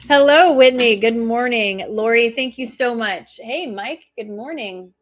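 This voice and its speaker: A woman hosting a live stream, giving spiritual oracle card readings and chatting with viewers in a fast, soothing way. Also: fairly high pitch. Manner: talks fast. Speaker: intuitive reader and coach, live stream host.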